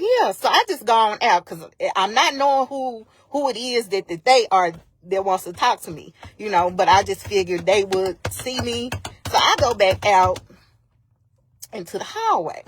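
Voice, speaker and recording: A woman's voice: fairly high pitch, normal speed, breathy edge, dry recording. A woman on a live stream, emphatically retelling an incident in casual storytelling and acting out the dialogue. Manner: animated, emphatic, acts out quoted dialogue. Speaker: vlogger retelling a personal incident. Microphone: phone on a live stream.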